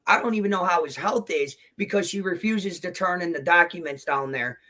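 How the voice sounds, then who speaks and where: A man's voice: fairly high pitch, pushed and bright. A man on a livestream panel, answering questions defensively and emotionally, rambling and restarting as he talks. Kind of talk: heated livestream argument.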